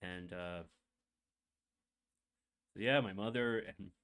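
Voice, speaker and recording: Young male podcast host with a lowish voice, telling his own story in a rambling, confessional way while fighting back tears. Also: takes it slowly, a bit bright, clean tone. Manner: rambling and candid, with many fillers and asides. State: emotional, holding back tears. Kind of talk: personal storytelling monologue.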